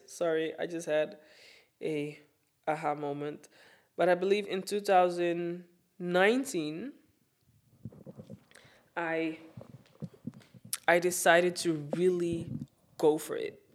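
A woman giving an earnest, reflective personal message and reading her own writing aloud. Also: on the low side. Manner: earnest, reflective, with pauses and restarts. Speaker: host sharing a Women's Day message. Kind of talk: heartfelt personal talk and reading.

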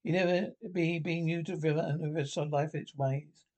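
A man's voice: on the high side, steady tone, fairly quick, a little mellow, natural voice. Mole, shy wondering man-read storybook animal. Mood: pettish. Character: shy, wide-eyed young male mole, new to the river.

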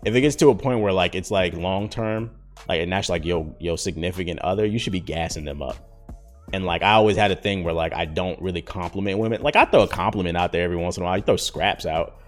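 A man's voice: sits low, fast talker, faint music behind. A man around thirty talking in slangy casual chat as a podcast host, rambling with lots of fillers. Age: 30s.

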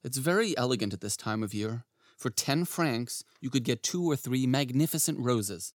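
Man acting as gentle clerk husband, coaxing, eager to please, audio drama, dry studio sound. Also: mid-range voice, animated, moderate pace, no echo, close to an everyday voice.

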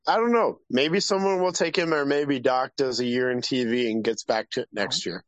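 A man's voice: medium pitch, moderate pace, no echo. A man co-hosting a podcast, easygoing and a bit hesitant, joking about sports. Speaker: podcast co-host. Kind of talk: casual sports chat.

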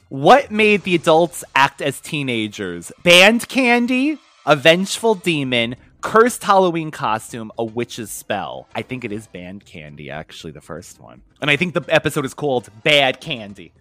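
A man hosting a casual trivia chat, reading out questions and answers, often laughing and animated. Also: a little high, measured pace, few pauses, no room sound. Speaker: quiz host.

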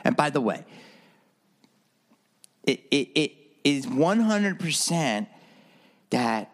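A man hosting a solo podcast, talking bluntly and profanely, sometimes acting out other people's voices. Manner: animated, swings between low mutters and high mock voices. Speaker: podcast host. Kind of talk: opinionated solo podcast rant.

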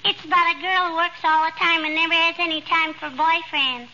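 A woman's voice: very high voice, fairly quick, dull audio, heavily acted. A woman voicing a chatty, precocious little girl with a giggly, sassy manner in 1940s radio comedy acting. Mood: cheeky. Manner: lively, giggly, sassy child voice. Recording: hissy old radio recording.

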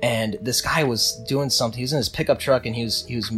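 A man's voice: mid-range voice, fast, fairly bright tone, soft background music. A young man casually telling a long story with many restarts, acting out what people said. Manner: rambling with restarts, acts out quotes.

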